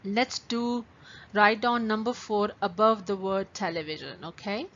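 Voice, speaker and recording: Slow, patient woman teaching young pupils. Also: medium pitch, steady tone, a bit bright. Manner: slow, patient, stretches words syllable by syllable. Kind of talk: online class lesson for young pupils. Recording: dull lo-fi recording with faint ambient noise.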